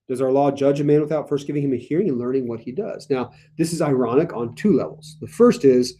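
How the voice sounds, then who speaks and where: A man with an American accent leading a casual Bible study, animated and playful, laughing as he explains the text. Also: medium pitch.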